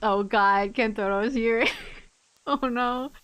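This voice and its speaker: A woman's voice: on the high side, slow pace, a bit bright, smooth. A woman game streamer chatting casually, reacting aloud and laughing while she plays. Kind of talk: casual gameplay commentary.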